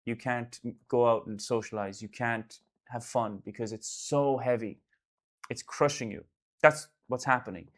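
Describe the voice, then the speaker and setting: An earnest man talks in a loose, rambling way, full of fillers and restarts. He reassures his listener by repeating the same points over and over. His voice sits at a middling pitch. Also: fairly even intonation, measured pace. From Ireland. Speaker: artist and host. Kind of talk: casual one-on-one talk.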